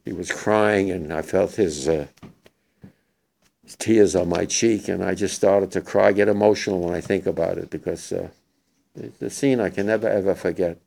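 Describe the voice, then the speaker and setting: An older man, a war veteran, gives spoken testimony to young listeners, halting and emotional with many restarts. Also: sits low, fairly even intonation, vocal fry, a little mellow.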